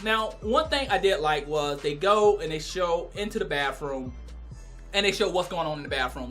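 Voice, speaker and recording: A man giving a casual, crude and animated spoken review, often breaking into loud exclamations. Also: high voice. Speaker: anime reviewer.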